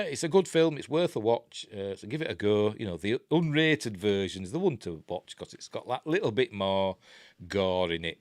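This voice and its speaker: A man's voice: fairly low pitch, no echo, clean studio sound. An older man with a Yorkshire accent, casually talking through a film review with rambling, self-interrupting chat and wry asides. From Yorkshire, England.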